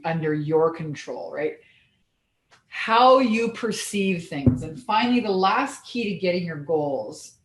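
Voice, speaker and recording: A woman business coach giving an energetic, blunt motivational talk, swearing casually as she goes. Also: on the low side, roomy sound.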